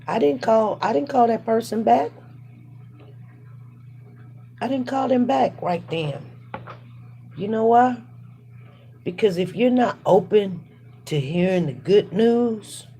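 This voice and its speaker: With a warm, medium-pitched voice and a little hiss or hum in the recording, a livestream host reflects casually as she works. Her faith-centred musing is repetitive and emphatic.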